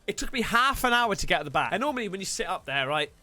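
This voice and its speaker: A man streamer telling a story to his viewers in an excitable way, swearing freely and talking straight to the audience. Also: sits high, fast, no room sound. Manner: excitable, swears a lot, addresses viewers directly. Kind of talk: animated storytelling to a live stream.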